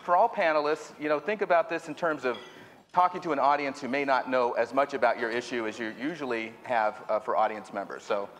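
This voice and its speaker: Joking moderator in a reverberant hall. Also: male voice, mid-range voice, fairly quick, fairly bright tone. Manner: chatty, joking, with fillers and restarts. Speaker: panel moderator. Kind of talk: introducing panelists at a conference. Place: conference hall. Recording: reverberant hall, faint noise.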